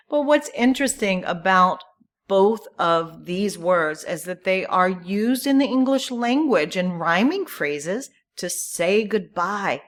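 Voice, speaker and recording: Slow, clear-speaking woman English teacher. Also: medium pitch, a bit bright. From United States. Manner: slow, clear and encouraging, modelling pronunciation. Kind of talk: teaching a poem lesson.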